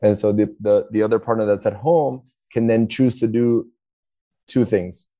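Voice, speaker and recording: A man speaks casually as a podcast guest, often restarting his sentences and acting out examples. His voice is low and warm, recorded dry and close. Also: steady tone, moderate pace, no room sound. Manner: explains by acting out dialogue, many restarts. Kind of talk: casual interview talk.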